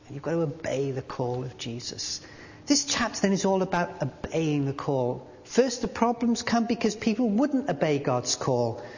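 A man preaching a sermon in a church, halting at times with fillers and restarts, and reading aloud from a book. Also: fairly high pitch, expressive, darkish tone. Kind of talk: sermon with a read-aloud story. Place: church hall. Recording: dull sound in a large reverberant hall.

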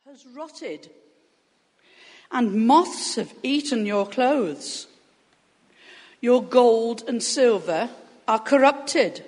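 A woman reading a Bible passage aloud in a church, careful and steady. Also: on the high side, husky. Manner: slow, careful reading, with a self-correction. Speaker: scripture reader. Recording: long reverb of a large church hall.

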